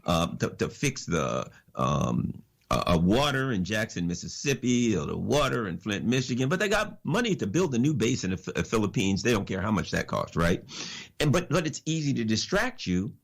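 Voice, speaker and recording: A man's voice: fairly low pitch, very animated, moderate pace, creaky. A man giving an impassioned political commentary as a radio guest, preachy and full of rhetorical questions and repeated phrases.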